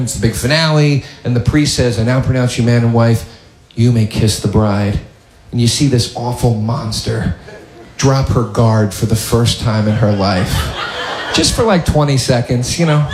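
A man's voice: mid-range voice, roomy sound. A male stand-up comedian ranting incredulously, slipping into mocking voices.

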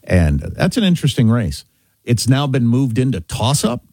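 A man's voice: medium pitch, wildly swooping pitch, moderate pace, a little mellow, husky, no echo. A middle-aged man from Kansas hosting a talk show, telling a story in casual chat with emphatic restarts. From Kansas, USA.

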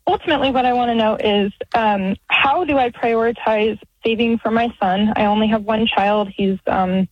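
A woman calling in to a radio show, talking hesitantly with many pauses and sounding close to tears. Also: fairly high pitch, husky, no echo. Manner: excited, then emotional and halting. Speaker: caller. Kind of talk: call-in question. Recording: muffled phone line.

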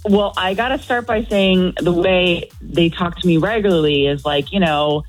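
A woman's voice: on the low side, normal speed, soft background music, rough recording. A woman co-hosting a radio show, wry and laid-back in her banter. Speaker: radio co-host.

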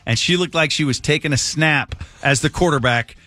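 A man hosting a radio talk show, telling a lively story and raising his voice for the quoted lines. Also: normal speed, dry recording. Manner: animated storyteller, shouts quoted lines in a high voice.

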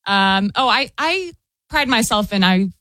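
A woman's voice: mid-range voice, expressive, unhurried, pushed and bright, no room sound, studio quality. A woman guest in a casual chat, sheepish and self-deprecating.

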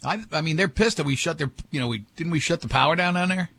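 Male radio host, husky, rambling and jokey, casual on-air banter. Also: on the high side, fast, fairly bright tone. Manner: rambling, jokey, restarts sentences.

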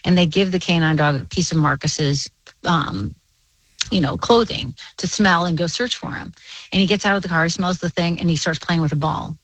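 A woman journalist guesting on a radio show, telling a story in an animated way with quick laughs. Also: on the low side, dry recording, rough recording. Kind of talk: casual radio interview.

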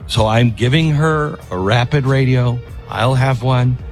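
A political talk radio host reads an advertisement with a conversational, emphatic style, often stopping and starting his sentences over. His mid-range voice moves at an unhurried pace, with soft music playing behind him.

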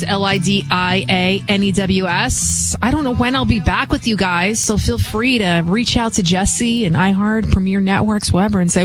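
A woman from the Bronx with a New York accent, hosting a talk radio show in a chatty, rambling, emphatic monologue. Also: medium pitch. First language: not English. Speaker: guest radio host.

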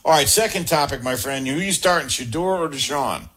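A man hosting a sports call-in radio show, affable and quick to react. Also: fairly high pitch, a bit bright. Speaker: sports talk radio host.

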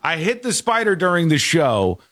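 A man's voice: fairly high pitch, sing-song, normal speed, fairly bright tone, a little hiss or hum. A man hosting a talk show, chatting casually and reading listener comments aloud from his home studio. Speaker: show host.

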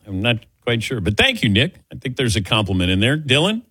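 A man's voice: mid-range voice, sing-song, a little fast, bright, forceful tone, slightly rough, dry recording. A man hosting a sports radio talk show, wry and self-deprecating in casual chat. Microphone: studio microphone.

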